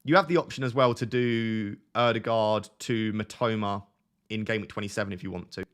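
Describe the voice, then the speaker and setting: A man's voice: on the low side, steady tone, normal speed, a bit bright. Casual man host, laughs at himself while chatting live to viewers. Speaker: fantasy football streamer. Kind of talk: casual live-stream chat.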